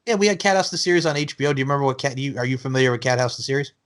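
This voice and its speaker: A man in his thirties hosts a podcast interview. He talks in a loose, joking way and leans on "like" and "you know." His voice sits at an ordinary middle pitch. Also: steady tone, rapid-fire, a bit bright. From Long Island, New York. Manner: chatty, jokey, heavy on fillers. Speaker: podcast host. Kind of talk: casual interview chat.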